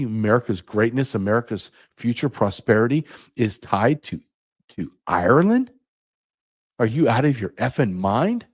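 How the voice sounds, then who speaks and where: A man's voice: mid-range voice, darkish tone. A man hosting his own show, delivering an indignant opinion monologue with sarcastic asides. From United States. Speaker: podcast host.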